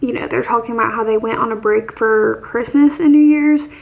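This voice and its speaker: Gravelly high-voiced woman rambling about a book. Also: a little fast, narrow, tinny audio. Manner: rambling, heavy on fillers and restarts; emphatic, opinionated. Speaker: book vlogger. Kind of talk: casual book recap.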